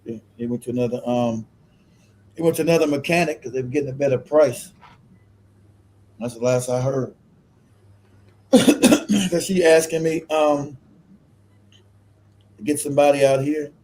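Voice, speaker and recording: Mellow, laid-back cursing man. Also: medium pitch, moderate pace, long pauses, low-quality recording. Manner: loose, laughing, swearing, talks over clips. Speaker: stream host reacting to clips. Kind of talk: casual profane commentary.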